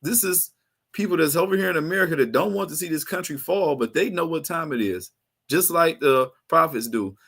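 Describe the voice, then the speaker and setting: A man hosting a live online class, chatting casually in a slangy, excitable way. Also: fairly high pitch, fairly quick, gravelly, breathy edge. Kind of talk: casual chat.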